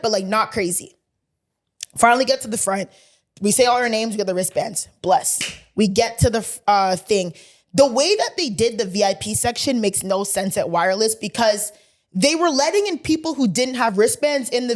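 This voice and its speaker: A young woman co-hosting a podcast, telling a story in animated, slangy casual chat and acting out the dialogue. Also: on the high side, moderate pace. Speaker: podcast co-host.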